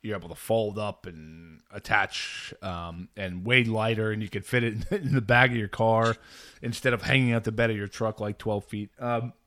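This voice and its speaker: A man's voice: on the low side, steady tone, moderate pace, pushed and bright. A man hosting a podcast, rambling through a story with frequent laughs and fillers. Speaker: podcast host. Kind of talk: casual chat.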